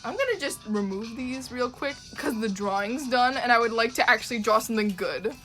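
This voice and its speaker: A woman's voice: fairly high pitch, animated, a little fast, a bit bright, faint music behind. A young woman from Ontario with a Toronto Canadian accent, chatting casually and rambling with swearing while she draws on a live stream.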